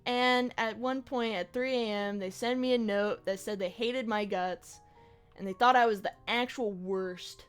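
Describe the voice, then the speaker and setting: A woman's voice: on the high side, steady tone, unhurried, clear, resonant tone, soft background music. A young woman streaming a game, chatting casually in a rambling, reflective way with slang and swearing. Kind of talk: casual chat while gaming on stream.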